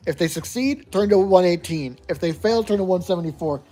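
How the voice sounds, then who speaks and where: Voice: medium pitch, expressive, brisk, warm tone. A player reading a choose-your-own-adventure gamebook aloud, narrating evenly and making wry asides.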